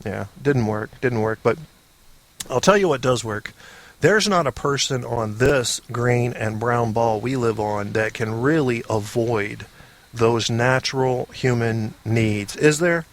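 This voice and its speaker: A podcast host with a mid-range voice talks slowly while sick on his call-in comedy podcast, rambling through a casual monologue in a boisterous, self-mocking way.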